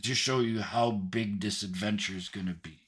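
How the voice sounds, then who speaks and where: A man narrating as game master of a tabletop game in a halting, descriptive way. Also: on the low side, steady tone, noisy background.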